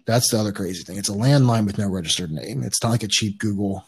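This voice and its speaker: A man's voice: lowish voice, fast talker, husky. A man guest on a podcast, telling a story casually in a rambling way, with restarts and swearing.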